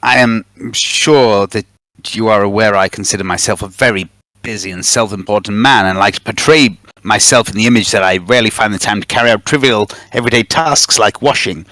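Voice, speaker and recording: A man doing a pompous, self-important gentleman who stumbles and fumbles through his words as if flustered. The voice is dry and close, in a mid register. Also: on the low side, a little fast, dry recording, pitched below the performer's own voice. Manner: pompous, tongue-tied and stumbling.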